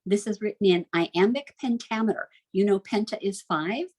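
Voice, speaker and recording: A woman's voice: medium pitch, normal speed, darkish tone, poor audio. A woman teaching a recorded homeschool literature lecture, chatty and enthusiastic, with frequent "uh" fillers.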